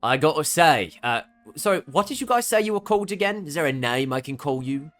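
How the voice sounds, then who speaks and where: A man's voice: a little high, expressive, a little fast, fairly bright tone, faint music behind, pitched above the performer's own voice. A man voicing a burly, jovial male shopkeeper who talks in hearty exclamations. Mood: sly.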